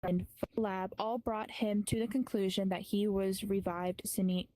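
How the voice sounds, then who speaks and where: A woman's voice: mid-range voice, level tone, measured pace, dark tone, dry recording, low-quality recording. A woman improvising spoken story narration, sometimes stumbling over names and restarting words. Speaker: improv performer.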